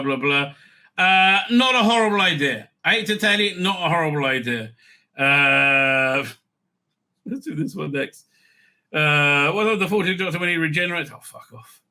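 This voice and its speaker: A male online commentator reading an article aloud and cutting in with scornful, profane remarks. His voice is sharp and very bright, sitting slightly high for a man.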